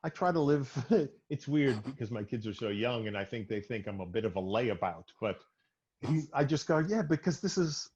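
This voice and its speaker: A man from Boston, a stand-up comedian guest, laid back and deadpan, slipping crude jokes into the chat. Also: fairly low pitch, moderate pace, highs cut off. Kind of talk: casual interview chat.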